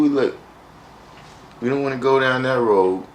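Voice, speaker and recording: A man's voice: medium pitch, lively intonation, normal speed, roomy sound, slight background noise, poor audio. A man hosting a live stream, chatting casually with viewers in a wry, joking way and often repeating himself.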